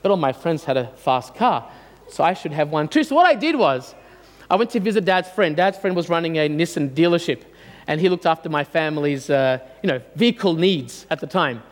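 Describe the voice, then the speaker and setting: Animated man telling a story. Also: fairly high pitch, a little fast, long reverb tail. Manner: animated, self-mocking, many fillers. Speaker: speaker addressing an audience. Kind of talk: storytelling talk.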